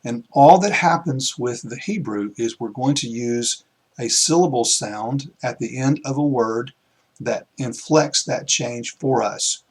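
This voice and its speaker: A man teaching a recorded lecture, explaining patiently with pauses and small restarts as he writes. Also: mid-range voice, slightly rough.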